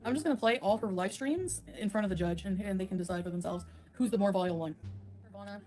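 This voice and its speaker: A woman's voice: medium pitch, fast talker, a little mellow, faint music behind. A woman on a casual livestream, ranting bluntly and sarcastically and laughing often.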